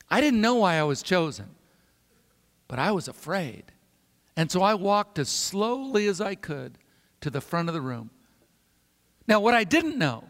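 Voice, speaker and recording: Male pastor, high voice, emphatic sermon delivery with repeated phrases, booming hall reverb. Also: a bit bright.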